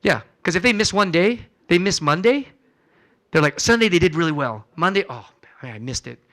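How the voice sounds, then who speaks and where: Chatty doctor lecturing a live audience. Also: male voice, high voice, lively intonation, brisk, bright, forceful tone. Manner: conversational, quizzes the audience, acts out patient chats. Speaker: physician presenting a wellness seminar. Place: church hall.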